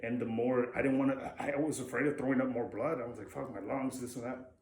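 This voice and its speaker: A man's voice: medium pitch, fairly even intonation, fast talker, darkish tone, slight background noise. Young man from Mexico, frank vlog storyteller with lots of restarts, recorded in a reverberant room. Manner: candid, swears freely, rambling with restarts. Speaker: vlogger. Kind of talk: casual storytelling to camera. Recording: echoey room with faint ambience.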